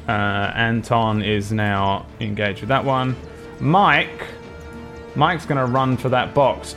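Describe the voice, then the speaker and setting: A man's voice: medium pitch, steady tone, slow, fairly bright tone, soft background music. Rambling young man running a tabletop game. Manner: rambling, laughs often, many fillers. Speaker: game master.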